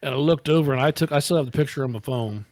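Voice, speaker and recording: A man casually telling prank phone stories on a podcast, often jumping into a high voice for his quotes. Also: very fast, a little mellow, dry recording. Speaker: podcast co-host. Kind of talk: casual storytelling.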